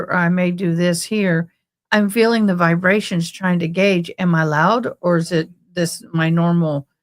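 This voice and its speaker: A woman hosting a live trial commentary, talking loudly in a lively, chatty way. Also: on the low side. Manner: talks loudly, animated. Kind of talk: casual chat.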